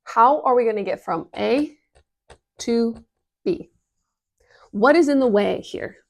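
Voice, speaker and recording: A woman talking casually as a business coach, energetic and full of fillers, swearing now and then. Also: a little high, takes it slowly, vocal fry. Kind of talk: casual explainer vlog.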